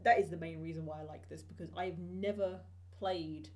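A woman's voice: on the low side, steady tone, moderate pace, a little mellow. A woman co-hosting a casual podcast chat, chiming in with short replies and sheepish apologies. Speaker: podcast co-host. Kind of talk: casual chat about tabletop game content.

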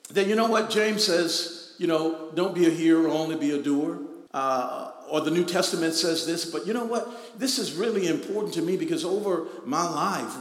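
Casting male pastor, somewhat high voice, emphatic repetitive preaching, roomy hall reverb. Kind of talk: sermon. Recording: echoey hall with long reverb.

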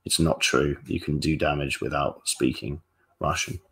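Deep-voiced man, blunt casual coach. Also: fairly even intonation, normal speed, gravelly, fairly bright tone. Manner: casual, blunt and frank, swears freely. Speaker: dating coach. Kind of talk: live-stream Q&A, reading viewer questions.

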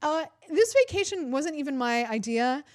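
A woman's voice: high voice, animated, moderate pace, no room sound, clean studio sound, pitched above the performer's own voice. A woman doing a sarcastic mock impression of a smug, self-pitying male politician, in a slightly raised voice.

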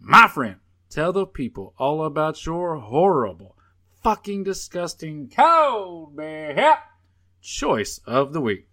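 A man's voice: a little high, sing-song, takes it slowly, pushed and bright. A man hosting a sports betting podcast, opening the show with wry, teasing banter. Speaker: podcast host.

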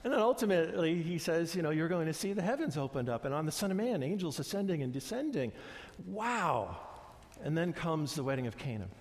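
Conversational preacher with hall reverb. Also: male voice, on the high side, fairly quick. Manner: conversational, animated retellings with many fillers and restarts. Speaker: pastor. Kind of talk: sermon.

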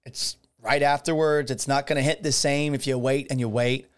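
A man's voice: mid-range voice, steady tone, normal speed, smooth. A man hosting a solo podcast, talking casually and sarcastically, ranting and swearing about the news. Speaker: podcast host.

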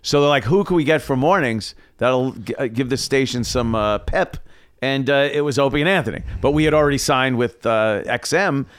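A man, a former radio host telling stories in a relaxed podcast chat, pausing often on "uh". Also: medium pitch, clean tone, no echo, clean studio sound. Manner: relaxed, laughs easily, many "uh" pauses. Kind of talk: casual storytelling chat.

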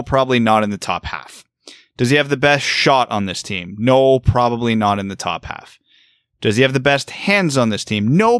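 Co-host, male, middle pitch, dry close sound, methodical and analytical. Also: a bit bright, clean tone, no room sound. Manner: analytical, talks through rhetorical questions. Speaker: podcast co-host. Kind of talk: casual sports podcast chat.

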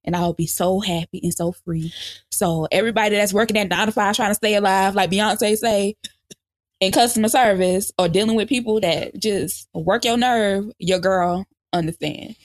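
Loud, animated woman podcaster. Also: medium pitch, normal speed, no room sound, studio quality. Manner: loud, animated, cursing, laughing often. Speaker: podcast co-host. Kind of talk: casual podcast chat.

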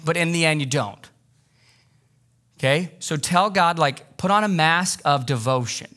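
A man pastor preaching a sermon, animated, acting out quoted voices and repeating for emphasis. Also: fairly high pitch, unhurried.

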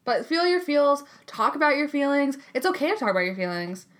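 This young woman, a graduate student in her twenties, has a high, brisk voice. Co-hosting a casual podcast chat, she's animated, curses without hesitation, and performs the voices of anyone she quotes.

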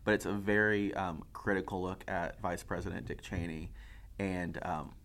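A man co-hosting a casual chat, explaining films and pausing to search for words. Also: low voice, fairly even intonation, fairly bright tone. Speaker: podcast co-host.

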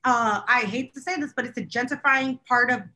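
A woman's voice: on the high side, fairly quick, sharp tone. A woman co-hosting a podcast in casual chat, rambling through an exasperated, self-deprecating story. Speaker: podcast co-host.

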